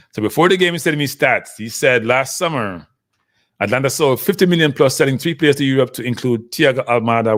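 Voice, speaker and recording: Animated man hosting a livestream. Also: fairly low pitch. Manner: animated, talks straight to the live chat, answers viewer comments. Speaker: livestream host. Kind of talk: casual livestream commentary.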